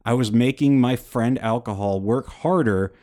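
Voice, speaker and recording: A man's voice: mid-range voice, normal speed, dark tone. A man co-hosting a casual podcast, telling candid, self-deprecating stories with lots of "uh" and "um". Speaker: podcast co-host.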